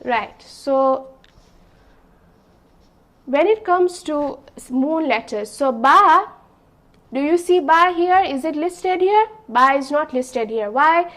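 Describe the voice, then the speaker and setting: Slow, patient high-voiced woman teaching. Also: expressive, a bit bright. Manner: patient, repeats and checks with "okay?". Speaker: Arabic teacher. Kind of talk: slow classroom explanation.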